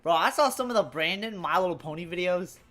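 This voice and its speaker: A young woman on a live stream talks in a loose, jokey way, swearing freely and calling everyone bro. Her pitch swings up and down all the time, and faint music plays under her voice. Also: animated, quick pace, fairly bright tone. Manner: loose, profane and jokey, addressing chat as bro. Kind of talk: casual live-stream chat.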